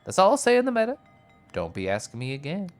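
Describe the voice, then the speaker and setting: A man's voice: high-pitched, wildly swooping pitch, quick pace, faint music behind, pitched above the performer's own voice. Figure: a man doing a grumbling, secretive old farmer. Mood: hushed. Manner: hushed, conspiratorial. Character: weary male village farmer, secretive and grumbling.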